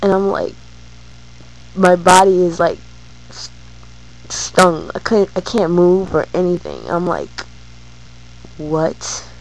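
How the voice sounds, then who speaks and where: Slow-spoken woman with a gravelly voice. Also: fairly low pitch, expressive, slight background noise, poor audio. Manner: slow, hesitant, many fillers and restarts. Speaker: vlogger. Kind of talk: personal storytelling to camera.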